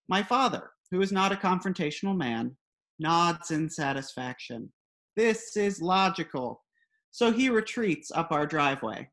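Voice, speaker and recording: A woman's voice: fairly low pitch, expressive, a little slow. A woman reading her own comic personal essay aloud in a wry, dry storytelling manner.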